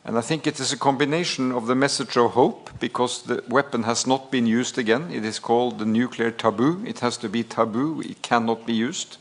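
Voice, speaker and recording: A man from Norway, answering at a press conference as head of government in a measured, step-by-step way. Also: mid-range voice. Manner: measured, deliberate, builds points in steps.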